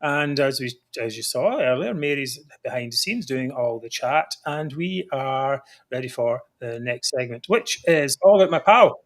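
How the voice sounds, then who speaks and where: A man's voice: mid-range voice, lively intonation, normal speed, few pauses. A man hosting a live political talk show, chatty and sardonic, with mocking asides. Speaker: host.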